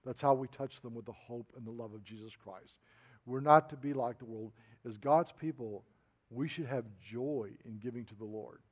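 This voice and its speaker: A middle-aged man preaching a sermon, telling personal stories and calling his listeners folks, dropping softer when he quotes people. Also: mid-range voice, moderate pace, husky. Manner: storytelling, addresses listeners as folks, drops to a soft voice for quoted lines.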